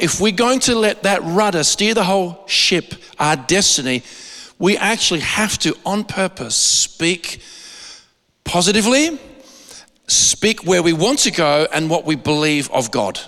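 Australian pastor preaching in a reverberant hall. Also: male voice, on the high side. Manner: animated, repeats words when stressing a point. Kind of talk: sermon.

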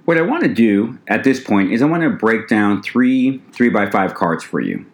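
Guy w a lowish voice lecturing emt students, chatty teacher vibe. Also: expressive, moderate pace. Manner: conversational teaching, addresses "ladies and gentlemen". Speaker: EMT instructor. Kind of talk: recorded lecture podcast.

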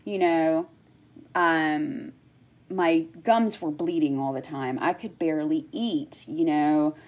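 A woman's voice: low-pitched, slow, a little mellow. A woman speaking candidly and emotionally in a conversation, with many fillers. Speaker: guest, cancer survivor.

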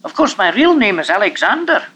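Petulant little boy, whining and insistent, played by a man, high and swooping, bright tone. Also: big pitch swings, brisk, a little hiss or hum, exaggerated voice. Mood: eager. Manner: whiny, insistent.

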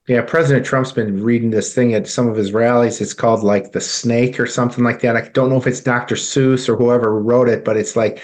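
A man hosting a casual interview, plain-spoken and halting, often restarting his sentences. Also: mid-range voice, steady tone, darkish tone. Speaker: host.

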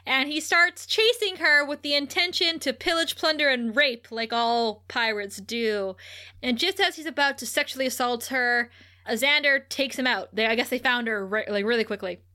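She is a woman with a high, bright voice, chatting casually as a podcast co-host. She talks in a loose, chatty way and keeps breaking into giggles as she recaps the plot. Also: moderate pace, smooth. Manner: giggly and chatty, laughs often. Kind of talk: casual episode recap chat.

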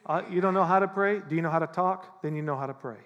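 High-voiced animated preacher in a hall. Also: male voice, fast talker, lo-fi sound. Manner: animated, acts out prayers in mock voices. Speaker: pastor. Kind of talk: sermon.

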